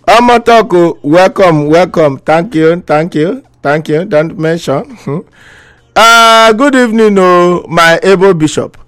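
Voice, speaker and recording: A man's voice: fairly high pitch, fairly bright tone. Laughing Nigerian man, mock preaching. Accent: Nigerian Pidgin. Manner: playful mock preaching, laughs often between lines. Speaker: comic preacher host of a live stream. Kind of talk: live-stream comedy, reading viewer comments.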